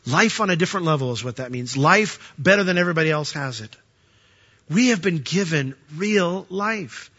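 Animated high-pitched male preacher. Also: normal speed, slightly rough. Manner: animated preaching, acting out quoted voices. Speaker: pastor. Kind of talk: sermon. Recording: dull lo-fi sound.

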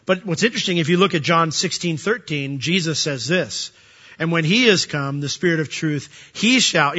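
A man preaching a sermon, animated and emphatic, often asking the listeners questions. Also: a little high, normal speed, highs cut off.

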